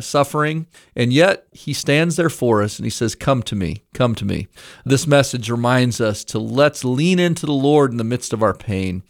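A man hosting a ministry program, giving an earnest, steady, pastoral introduction to the week's message. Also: medium pitch. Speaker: radio ministry host. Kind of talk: scripted introduction.

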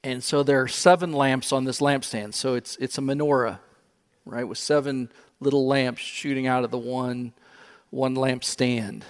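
Older Midwestern pastor, lively telling. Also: male voice, mid-range voice, moderate pace. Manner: animated storytelling, chuckles often. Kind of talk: sermon.

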